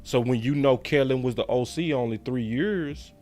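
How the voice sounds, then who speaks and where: A man hosting a sports channel, talking excitedly, repeating himself and throwing in mocking exclamations. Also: medium pitch, moderate pace, faint music behind. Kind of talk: animated live-stream commentary.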